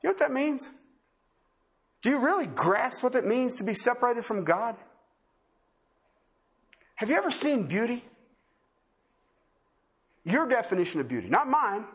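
A man's voice: extremely high pitch, big pitch swings, unhurried, long pauses, husky. A pastor preaching an impassioned sermon, driving his points home with repeated, emphatic questions to his congregation. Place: church service before a congregation.

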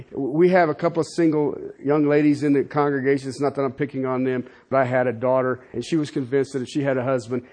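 Preaching from the pulpit, this middle-aged man speaks with a mid-range voice and real emphasis, shifting from booming statements to hushed side remarks.

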